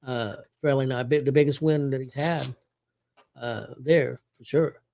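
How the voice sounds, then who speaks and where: A man's voice: medium pitch, fairly even intonation, normal speed, creaky, darkish tone. A man hosting a casual sports talk show, rambling with fillers and self-corrections. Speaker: show host.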